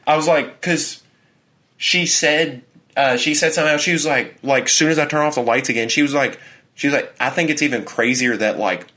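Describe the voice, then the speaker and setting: A man's voice: a little high, a little fast, bright, forceful tone. A young adult man co-hosting a podcast, telling a story in casual chat with heavy swearing. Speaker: podcast co-host.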